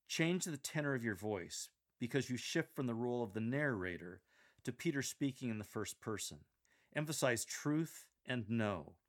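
Man, mid-pitched voice, reading coach, measured explanations, demonstrates scripture lines. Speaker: reading coach for church lectors.

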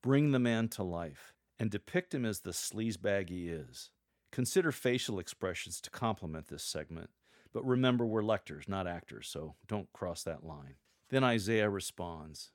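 A man coaching church lectors in a measured, scripted teaching style, reading sample lines aloud to show how they should sound. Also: fairly low pitch, expressive, dry recording, clean studio sound.

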